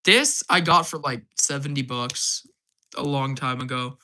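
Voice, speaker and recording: With a medium-pitched, bright, slightly hoarse voice, a hyper man chats on a casual live stream. He answers viewers' questions quickly and laughs often.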